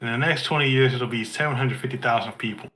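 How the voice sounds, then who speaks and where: A man's voice: medium pitch, fast talker, sharp tone. A man co-hosting a podcast among friends, mocking the recording and laughing. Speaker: podcast co-host. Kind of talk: casual chat among friends.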